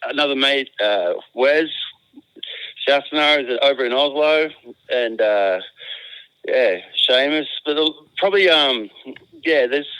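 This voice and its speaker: An Australian man with a bright, forceful voice talks in a relaxed, rambling way, full of restarts and slang. The sound is dry and close, coming through a phone line. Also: mid-range voice, unhurried, long pauses, smooth, dry recording. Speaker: phone-in guest surfer. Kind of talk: casual chat.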